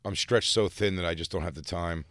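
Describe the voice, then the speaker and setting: A man's voice: sits low, steady tone, a little fast, a bit bright, no room sound. A man co-hosting a studio talk show, telling a rambling, self-deprecating story in casual banter. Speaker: radio show co-host. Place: radio studio. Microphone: studio microphone.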